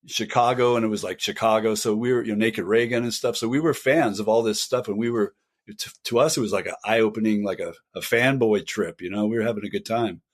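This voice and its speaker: A man's voice: fairly low pitch, brisk. Older man rambling through band stories. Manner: rambling, self-deprecating storytelling. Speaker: guest, punk band singer. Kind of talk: casual podcast chat.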